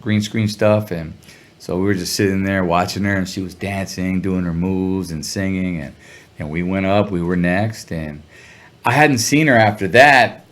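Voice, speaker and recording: A man telling a story in a relaxed interview, talking in slang and sounding animated when he quotes people. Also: low-pitched, moderate pace. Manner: laid-back, slangy, animated when quoting others. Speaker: guest musician.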